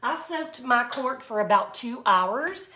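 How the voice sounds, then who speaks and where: Slow, chatty woman teaching a craft. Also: a little high, expressive, bright, forceful tone, slight background noise. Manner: chatty, folksy, greets viewers by name. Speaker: art tutorial host. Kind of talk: live craft tutorial, chatting with viewers.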